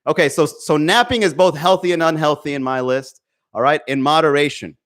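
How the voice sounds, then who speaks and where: A man hosts a live comedy podcast from home, talking into a desk mic. His voice sits a little high for a man, and he swears freely while calling out chat viewers by name. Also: brisk. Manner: profane, animated, talks to chat viewers. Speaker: podcast host. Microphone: desk microphone.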